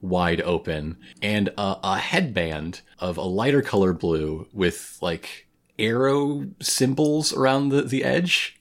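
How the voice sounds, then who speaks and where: A man's voice: on the low side, expressive, slow pace. A man co-hosting a podcast, describing an anime episode in casual chat with wry, offhand remarks and fillers. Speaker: podcast co-host.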